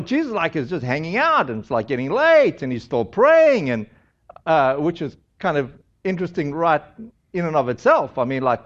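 A man's voice: high voice, muffled recording. A man preaching a sermon in a casual, chatty way, retelling a scripture passage with frequent asides. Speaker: pastor. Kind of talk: conversational sermon.

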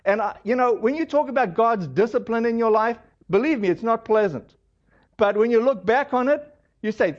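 High-voiced man preaching a sermon. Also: normal speed, muffled recording. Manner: conversational, storytelling, animated asides. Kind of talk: sermon with personal testimony.

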